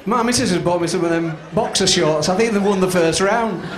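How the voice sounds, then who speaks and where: A man's voice: high-pitched, brisk, heavy background noise. A male comedian doing a rambling live stand-up routine, chuckling at his own jokes on a club stage. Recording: echoey live club, loud crowd laughter.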